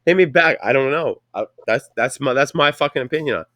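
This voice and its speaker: A man's voice: medium pitch, quick pace, fairly bright tone, dry recording, clean studio sound. A man with a Canadian accent hosting a casual chat, telling a rambling story full of profanity. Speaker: podcast host.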